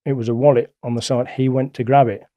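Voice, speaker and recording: A middle-aged man, a guest telling stories in a blunt, colloquial, animated way. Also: medium pitch, fast, no room sound, muffled recording. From England. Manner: blunt, colloquial, animated retelling with acted-out quotes. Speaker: interview guest. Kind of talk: casual storytelling.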